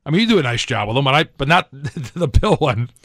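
A man's voice: mid-range voice, lively intonation, a little fast, a bit bright, no room sound, clean studio sound. A man co-hosting a sports talk radio show, chatting in a hesitant, self-deprecating way. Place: radio studio. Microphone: studio microphone.

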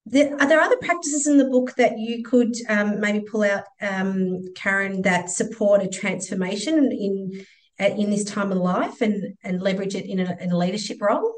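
A woman's voice: mid-range voice, moderate pace. A woman hosting a podcast, asking questions hesitantly with frequent fillers and restarts. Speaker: podcast host. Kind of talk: interview questions.

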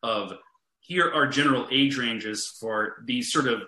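A man, a guest author, talking earnestly about parenting in a relaxed podcast chat, restarting his sentences often. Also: medium pitch, measured pace, roomy sound, low-quality recording. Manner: earnest, restarts often, amused when telling stories. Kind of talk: conversational podcast talk.

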